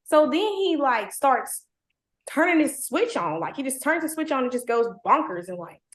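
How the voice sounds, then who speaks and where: Here a young woman's high, very animated voice moves at a normal speed as she shares a personal story. She's blunt and slangy, leaning heavily on "like," in a recording with a roomy echo.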